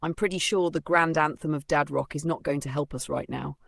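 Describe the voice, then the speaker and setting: A man's voice: fairly high pitch, fairly even intonation, brisk, gravelly, a bit bright, dry recording. A man narrating a first-person novel in a dry, sardonic storytelling manner. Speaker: audiobook narrator.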